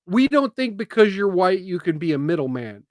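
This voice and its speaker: A high-pitched man delivers casual political commentary from his own show. He talks with emphatic bursts that drop into hushed, emotional asides. The sound is dry and close. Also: sing-song, normal speed, dry recording.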